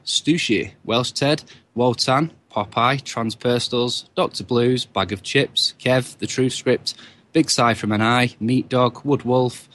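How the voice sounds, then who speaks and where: A man co-hosting a talk radio show, briskly reading out a long list of chat room names. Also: medium pitch, a bit bright.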